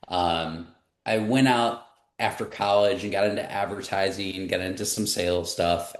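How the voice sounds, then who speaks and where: A man's voice: low voice, reverberant. A man in his forties, a guest, telling his career story in a casual interview and acting out the people he quotes. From Missouri, US. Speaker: marketing director guest.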